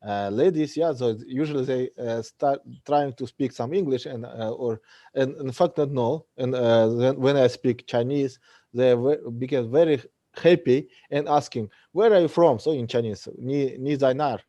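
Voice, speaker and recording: Man, halting English. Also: mid-range voice, mellow, dry recording. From Uzbekistan. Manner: halting English, laughs often. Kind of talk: casual panel talk.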